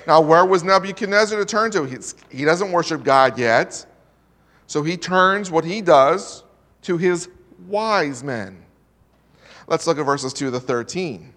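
Male pastor, earnest sermon delivery and scripture reading, slightly high voice, long room reverb. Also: lively intonation, a little slow, a bit bright. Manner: earnest preaching, reads scripture in King James wording.

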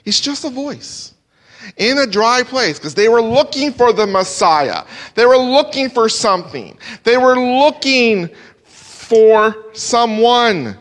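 A man's voice: very high voice, slow pace. A man preaching an expository sermon, swinging his voice up and down for emphasis. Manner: animated, rises and drops sharply for emphasis. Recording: long hall reverb.

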